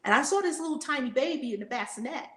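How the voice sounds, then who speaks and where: A middle-aged woman giving an impassioned spiritual talk, emphatic and repetitive, swinging between loud declarations and hushed asides, casual and swearing freely. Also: sits high, animated, fast talker, reverberant. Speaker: spiritual teacher.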